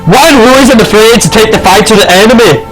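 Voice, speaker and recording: A man's voice: sits high, a little fast, a bit bright, soft background music, pitched above the performer's own voice, low-quality recording. A man in a Scottish-accented warlike rat. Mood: rousing. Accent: put-on Scottish. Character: vengeful male rat warlord, fierce.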